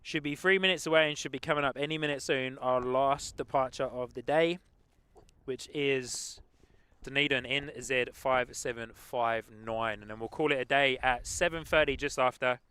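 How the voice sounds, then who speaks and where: A man with a London-tinged English accent, casually chatting as host of a live stream and reading out viewer comments, easygoing and quick to laugh. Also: medium pitch, sharp tone, smooth, no echo. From England. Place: outdoors at an airport plane-spotting spot.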